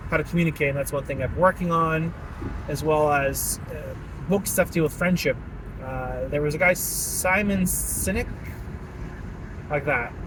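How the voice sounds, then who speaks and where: A young man ranting casually while driving, animated and laughing often. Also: a little high. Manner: animated, laughing often, puts on silly voices. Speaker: vlogger. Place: in a car at a stoplight. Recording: car and traffic noise behind.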